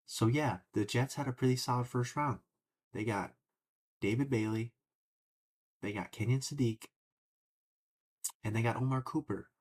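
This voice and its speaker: A man's voice: mid-range voice, normal speed, pauses often, darkish tone. A young man hosting a casual sports podcast, opinionated and rambling, cursing now and then. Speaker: podcast host.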